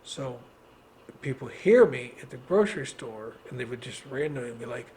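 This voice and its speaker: A man's voice: mid-range voice, lively intonation, moderate pace, darkish tone, slight background noise. A man in his thirties from Texas, rambling in casual podcast chat, swearing and laughing often. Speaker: podcast host.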